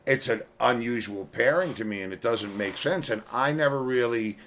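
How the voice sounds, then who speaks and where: A man's voice: mid-range voice, normal speed, a bit bright, slight background noise. Older man hosting a rambling music chat. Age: 70s. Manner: rambling, swears freely, many restarts. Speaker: host. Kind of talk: casual chat.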